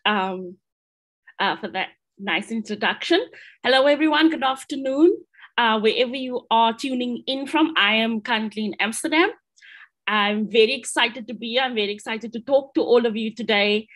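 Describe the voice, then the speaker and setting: Speaking from a home or office in Amsterdam, a South African astronomer gives an online seminar talk in her South African accent. Her voice is a little high and fairly bright, her pace normal, and she comes across as upbeat and friendly despite frequent ums and restarts.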